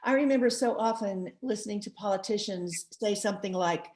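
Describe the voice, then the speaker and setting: A woman's voice: medium pitch, brisk, a little mellow. A woman author speaking as a podcast guest, passionate and emphatic, with light laughs between her points. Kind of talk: podcast interview.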